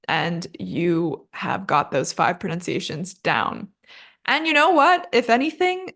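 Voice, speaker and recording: A woman's voice: mid-range voice, a bit bright. A woman, possibly, teaching English pronunciation in a casual spoken lesson. She is chatty and self-mocking, drags out the words she models, and sounds worn out from recording several episodes in a row. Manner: chatty, self-mocking, laughs at her own slips; slow, drawn-out model pronunciations.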